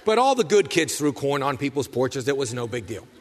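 A man's voice: mid-range voice, big pitch swings, a little fast. A man preaching a Sunday sermon as pastor, in a folksy, storytelling manner with casual asides. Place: church sanctuary. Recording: long hall reverb.

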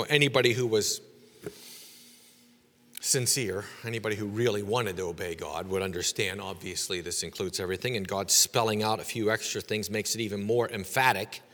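Bright-voiced man teaching in a hall. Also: mid-range voice. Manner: explanatory, with fillers and rhetorical questions. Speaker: Bible teacher. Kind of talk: lecture on scripture.

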